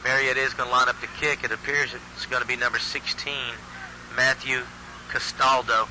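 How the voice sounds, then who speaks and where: A man's voice: medium pitch, little pitch movement, moderate pace, pushed and bright. A man doing live play-by-play commentary at a youth football game, chatty and folksy, often restarting his phrases. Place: outdoor football field. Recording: noisy outdoor field recording.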